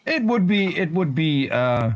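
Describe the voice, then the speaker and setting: Teasing man, lively voice. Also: a little high, measured pace, dull audio. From Netherlands. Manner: teasing, hesitant, restarts sentences. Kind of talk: casual livestream chat.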